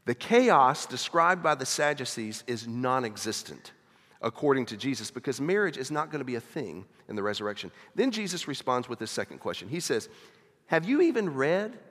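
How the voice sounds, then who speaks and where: A man's voice: fairly high pitch, a bit bright. A man preaching a sermon to his congregation, conversational, with many rhetorical questions. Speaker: pastor. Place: church sanctuary. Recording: long reverb of a church hall.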